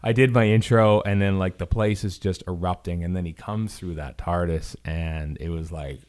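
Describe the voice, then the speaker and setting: Canadian man telling a lively story. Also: low voice, normal speed. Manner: animated storyteller, lots of fillers. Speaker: podcast co-host. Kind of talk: casual podcast chat.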